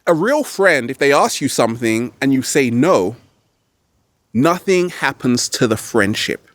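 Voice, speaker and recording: Animated man. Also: mid-range voice, measured pace, dry recording. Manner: animated, playful, slips into exaggerated quoted voices. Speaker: vlog host. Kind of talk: motivational talk to camera. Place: outdoors in nature.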